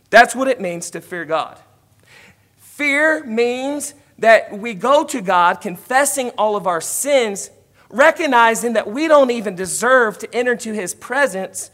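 High-voiced preacher swinging loud to soft. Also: male voice. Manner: rising to emphatic, loud declarations, then dropping to quiet asides. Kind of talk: sermon.

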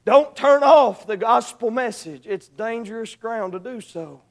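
A man preaching an evangelistic sermon, swinging between shouted, high-pitched exhortation and soft pleading. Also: measured pace.

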